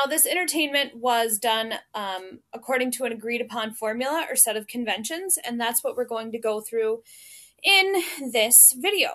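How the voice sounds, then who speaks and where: A woman's voice: on the high side, fairly bright tone. A woman teacher giving a recorded lecture, explaining step by step with frequent ums and small restarts.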